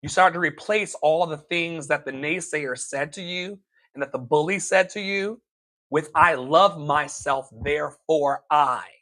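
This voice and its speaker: Emphatic man preaching self-love, slightly high voice. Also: moderate pace. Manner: preacherly, emphatic, with sudden loud exclamations. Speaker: motivational speaker. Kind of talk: livestream motivational talk.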